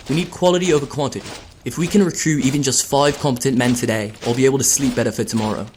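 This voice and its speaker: A man's voice: medium pitch, slight background noise, close to an everyday voice. A man voicing a stern middle-aged army commander in a cartoon, authoritative and tired. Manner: authoritative, weary, curt.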